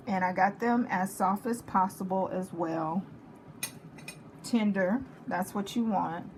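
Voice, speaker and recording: A woman's voice: mid-range voice, darkish tone, slight background noise. Chatty Texan woman cooking at home. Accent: Texas. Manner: chatty, jokey, checks in with "okay?" and "right?". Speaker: home cook. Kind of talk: casual cooking demonstration. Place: home kitchen.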